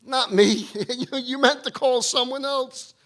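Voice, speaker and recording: Guy putting on a humble moses pleading off, bright high voice. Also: steady tone, takes it slowly, heavily acted. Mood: protesting. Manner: protesting, pleading. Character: humble reluctant Moses refusing a calling.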